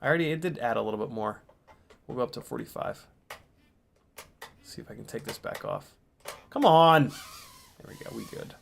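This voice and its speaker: A man with a gravelly, fry-laden voice chats casually on a livestream, grumbling and muttering in exasperation as he tinkers with gear. A faint hum of noise sits beneath his voice. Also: mid-range voice, sing-song, moderate pace, pauses often. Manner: exasperated muttering, reads chat aloud. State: still a bit sick. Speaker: FPV drone livestream host.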